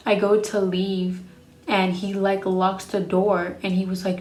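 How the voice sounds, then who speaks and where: Blunt young woman, flat delivery. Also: mid-range voice, measured pace, reverberant, slight background noise. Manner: frank and profane, blunt retelling. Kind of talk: casual storytime vlog.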